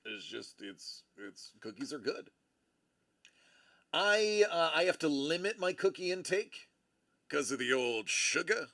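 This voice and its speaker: A man hosting a casual livestream, with a gravelly, bright voice that swoops through a lively pitch range. He rambles and often restarts his sentences. His voice sits fairly high for a man. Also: unhurried. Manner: rambling, animated, self-correcting. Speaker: livestream host. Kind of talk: casual live-stream chat.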